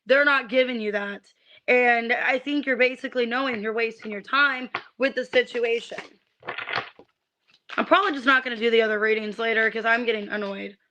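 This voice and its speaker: A woman gives a livestreamed tarot reading in a high, sharp voice. She rants with irritation, swearing and tripping over her restarts. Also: fairly even intonation, normal speed, highs cut off. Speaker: tarot reader.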